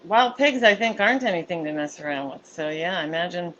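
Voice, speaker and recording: A woman co-hosting a livestream in casual chat, chatty and quick to laugh, reading out viewer comments. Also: fairly low pitch, animated, a bit bright, highs cut off, slight background noise. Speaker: livestream co-host.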